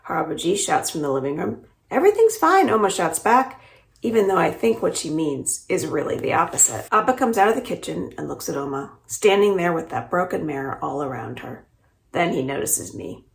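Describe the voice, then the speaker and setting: A woman librarian reading the first chapter of a middle-grade novel aloud, with expressive, lively storytelling. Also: low voice, brisk, vocal fry. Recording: roomy echo.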